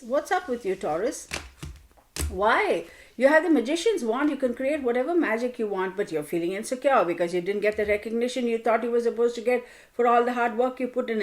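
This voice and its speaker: A woman with a slightly high voice talks through a tarot spread in a casual, chatty way. She is animated and playfully scolds her viewers as she explains each card. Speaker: tarot reader.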